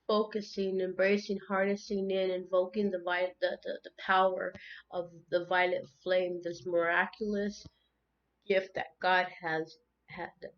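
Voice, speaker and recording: A woman's voice: medium pitch, highs cut off. A woman talking earnestly and emotionally in an unscripted spiritual monologue, often repeating words as she goes. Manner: earnest, repeats words and restarts, tearful at times. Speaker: spiritual tarot channel host.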